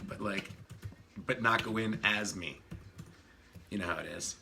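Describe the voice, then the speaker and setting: Here the same kind of casual stream plays out, with a man greeting his audience, reading comments aloud, and tinkering with his setup as he rambles. He speaks on the low side and a little slowly, creaky and sharp-toned, pausing often over faint background noise.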